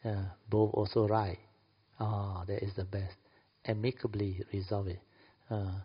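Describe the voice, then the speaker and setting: A man's voice: fairly low pitch, flat delivery, unhurried, breathy edge. Playful Malaysian man preaching in an echoey hall. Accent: Malaysian English. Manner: playful, laughs often, acts out little quoted dialogues. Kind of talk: sermon to an audience. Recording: echoey hall, dull lo-fi sound.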